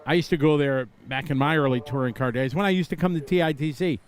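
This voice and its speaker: A middle-aged man calls the action live from an outdoor racetrack, chatting casually between bursts of excitement. His voice sits a little high for a man, and he jumps from easygoing banter to quick, shouted reactions. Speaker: race commentator. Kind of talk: live play-by-play commentary.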